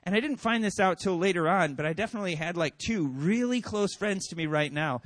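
A man's voice: sits high, a little fast, no room sound. A man in his thirties giving a conversational sermon, acting out people's thoughts with lots of "like" and "man". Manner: conversational, animated, acts out quoted thoughts. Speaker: pastor. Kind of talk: casual sermon.

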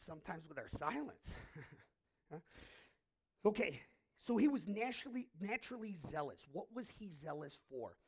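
A man preaching a sermon as pastor, dropping to hushed asides and rising to loud, drawn-out declarations. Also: high-pitched, slightly rough.

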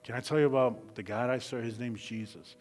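A man preaching a sermon as pastor, swinging from loud bursts to hushed near-whispers and repeating key phrases for emphasis. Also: medium pitch, fairly even intonation, quick pace.

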